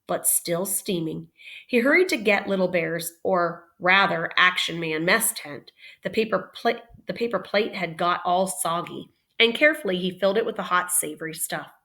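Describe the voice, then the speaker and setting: A woman's voice: fairly low pitch, a bit bright. A woman teacher reading a novel aloud expressively, with playful teaching asides. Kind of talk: read-aloud storytelling.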